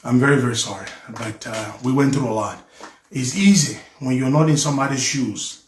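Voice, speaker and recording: A man's voice: mid-range voice, fairly quick, reverberant, slight background noise. A man from Liberia, talking to his followers in an emotional, pleading monologue that circles back on itself.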